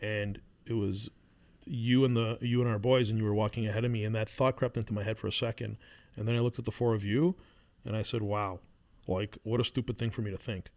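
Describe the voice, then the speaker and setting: A man in his thirties co-hosting a podcast, talking in a reflective, halting way with many restarts. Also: fairly low pitch, steady tone, a little mellow. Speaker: podcast co-host. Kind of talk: casual chat.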